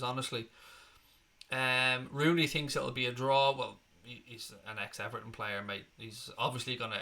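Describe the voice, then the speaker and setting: Sweary, bright-voiced football channel host. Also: male voice, medium pitch. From Northern Ireland or Ireland. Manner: blunt, sweary, chatty. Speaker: football channel host reading viewer comments. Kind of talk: casual livestream chat.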